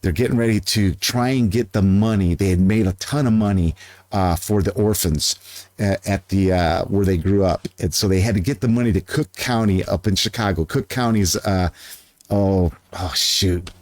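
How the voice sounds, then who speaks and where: Low-voiced man, earnest rambling vlogger, dry close sound, outdoors. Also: moderate pace, a little mellow, no room sound. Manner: earnest, rambling, loses his train of thought. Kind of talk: casual chat to camera.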